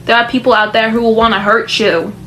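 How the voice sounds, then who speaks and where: A woman voicing a protective, controlling middle-aged mother who speaks firmly and in a measured way. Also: on the high side, flat delivery, sharp tone.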